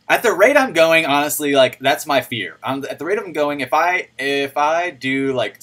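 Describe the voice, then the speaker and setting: Excitable man who laughs and yells. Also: mid-range voice. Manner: excitable, laughs often, bursts into yelling. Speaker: crypto livestream host. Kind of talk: casual livestream chat. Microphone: microphone turned up.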